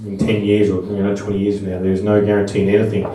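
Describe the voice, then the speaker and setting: A middle-aged man gives a talk to a live audience, chatty and full of personal stories. His voice is low and mellow. He sounds distant from the microphone in a very echoey room. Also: monotone, fast, a little hiss or hum. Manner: conversational and anecdotal, with frequent restarts. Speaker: speaker at a Buddhist seminar.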